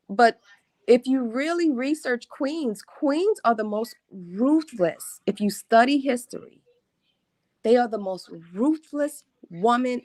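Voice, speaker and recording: A woman's voice: on the high side, no room sound. A woman calling in to a show, telling a story emphatically and emotionally, often laughing. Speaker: caller. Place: Harlem.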